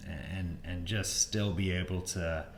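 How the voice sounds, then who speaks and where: Deep-voiced man chatting in an echoey gym. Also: takes it slowly, background noise. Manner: relaxed, rambling, acts out quotes with a raised voice. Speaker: gym owner and podcast host. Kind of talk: casual podcast chat. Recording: roomy echo with faint ambience.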